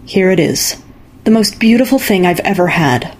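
A woman voicing a stern, insistent mother who scolds her daughter, in a husky voice. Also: medium pitch, expressive, moderate pace, close to an everyday voice. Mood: tender. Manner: scolding, commanding.

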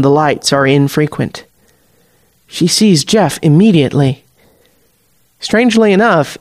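A man narrating a short story in a steady, wry storytelling voice. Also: a little high, no echo, studio quality. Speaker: story reader. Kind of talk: scripted narration.

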